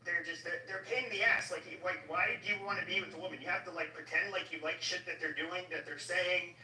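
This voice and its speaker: A man's voice: sits high, steady tone, fast talker, bright, forceful tone. A man in a casual chat, talking bluntly and crudely, trailing off. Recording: echoey, distant, faint noise.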